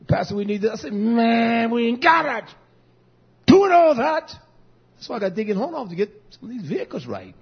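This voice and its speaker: A man preaching as pastor, telling stories and quoting himself in an animated way. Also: high-pitched, slightly rough, muffled recording. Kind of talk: sermon.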